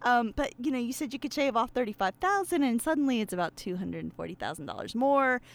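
A woman's voice: fairly high pitch, animated, fast talker. Chatty woman from Pennsylvania. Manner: chatty and self-deprecating, many fillers. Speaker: guest. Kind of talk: casual storytelling.

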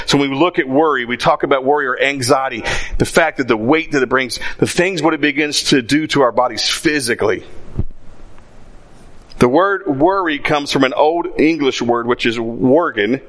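A man's voice: medium pitch, moderate pace, fairly bright tone. A man preaching a sermon in a conversational way, acting out little asides. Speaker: pastor.

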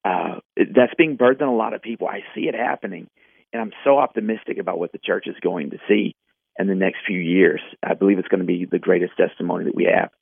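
A man, a pastor, speaking hopefully and in a measured way as a podcast guest. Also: low-pitched, gravelly, husky, dry recording. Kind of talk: faith podcast conversation. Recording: tinny phone line.

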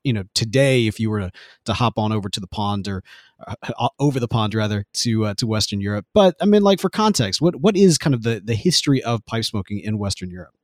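Male podcast host, mid pitch, dry studio sound, teasing and filler-heavy. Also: no echo. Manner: playful, teasing, lots of fillers. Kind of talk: casual podcast chat.

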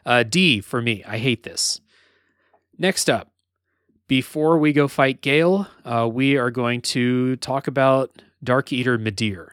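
A man's voice: medium pitch, takes it slowly, fairly bright tone, no echo, clean studio sound. A man co-hosting a casual gaming podcast, rambling with lots of filler words and restarts. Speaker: podcast co-host.

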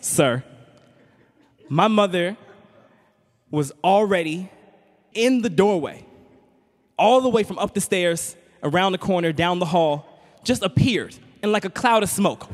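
A man's voice: sits high, animated, measured pace, pauses often. Man doing stand-up in a reverberant hall. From Richmond, Virginia. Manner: conversational, teasing the audience with frequent "right?". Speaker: comedian and spoken-word poet. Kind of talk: stand-up comedy storytelling. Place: stage in a hall. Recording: long reverb of a performance hall.

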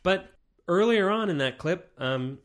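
A man's voice: high-pitched, expressive, unhurried, fairly bright tone. A man co-hosting a casual podcast discussion, hesitant and hedging as he talks. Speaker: podcast co-host.

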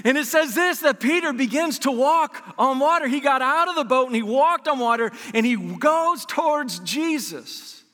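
High, bright-voiced preaching pastor man. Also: lively intonation, normal speed, hardly any pauses, in a large hall. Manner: conversational, acts out scripture scenes. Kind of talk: sermon.

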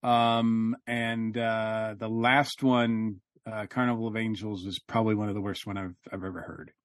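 This podcast co-host has a lowish voice with little pitch movement and speaks at a moderate pace. He chats casually about a review, rambling with lots of fillers and false starts, captured in clean studio sound without any room tone.

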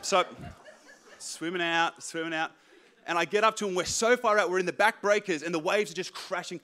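A young man preaching a sermon, telling a story in an animated, self-mocking way. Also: sits high, quick pace, some chatter behind. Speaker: pastor.

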